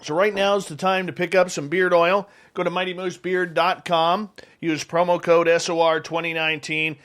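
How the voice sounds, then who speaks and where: A man's voice: a little high, flat delivery, moderate pace, a bit bright, clear, resonant tone. Chatty joking male radio host. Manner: jokey, rambling, chatty. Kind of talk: casual chat and live ad read.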